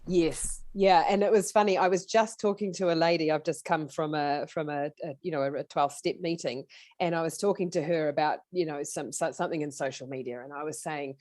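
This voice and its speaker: A New Zealand woman in her forties, a podcast guest talking casually in a rambling, animated way with many restarts. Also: sits low, a little fast, no room sound, studio quality. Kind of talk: casual interview talk.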